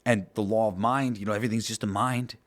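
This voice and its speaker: A podcast host works through an idea in a rambling, casual monologue packed with swearing and fillers. His voice sits on the low side, quick-paced with fairly even intonation.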